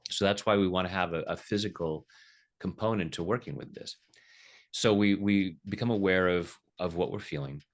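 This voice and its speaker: A man explaining a tapping technique in a relaxed, jokey way, slipping into quoted voices as he talks. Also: deep voice, moderate pace. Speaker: tapping practitioner, guest. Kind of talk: casual teaching over video call.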